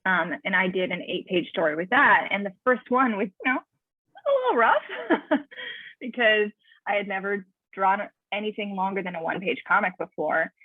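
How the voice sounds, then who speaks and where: A woman, a guest on an interview show, talking casually in a measured, slightly hesitant way. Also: medium pitch, no room sound. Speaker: comic artist guest. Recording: tinny dry phone-like line.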